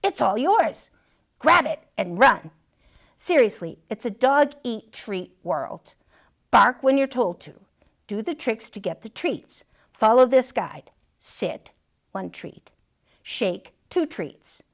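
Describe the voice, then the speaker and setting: A self-assured male dog advice columnist from a storybook, read out by a woman, confident and wry. Slow, deliberate delivery with a gravelly edge. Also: a little high, sing-song, heavily acted. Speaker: storytime reader. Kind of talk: reading a picture book aloud.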